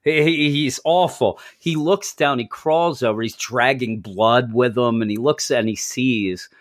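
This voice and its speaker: A man's voice: medium pitch, a little slow. Rambling, chuckling middle-aged man. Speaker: podcast co-host. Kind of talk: casual chat.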